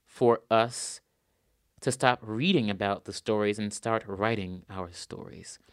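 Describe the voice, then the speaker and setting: A man's voice: fairly low pitch, measured pace, no echo, clean studio sound. A man, an opera singer, answering interview questions in an earnest, thoughtful way and repeating words for emphasis.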